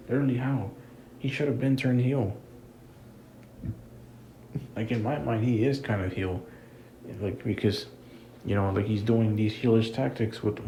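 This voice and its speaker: A man's voice: mid-range voice, dark tone, a little hiss or hum, rough recording. A man giving a casual, rambling wrestling review, frustrated and swearing freely. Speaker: wrestling commentator vlogger.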